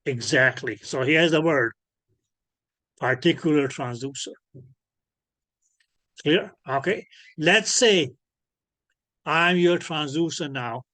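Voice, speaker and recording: A man teaching ultrasound physics in an online lecture over a computer microphone. He keeps checking whether students follow by asking "clear?", and he fills his sentences with "okay, yes". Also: a little high, takes it slowly, pauses often, pushed and bright, no room sound. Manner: peppers speech with filler "okay, yes". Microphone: computer mic on a video call.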